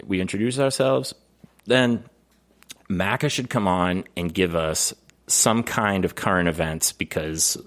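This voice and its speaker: A man co-hosting a podcast in casual chat, rambling and profane, with animated storytelling. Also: low-pitched, measured pace. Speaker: podcast co-host.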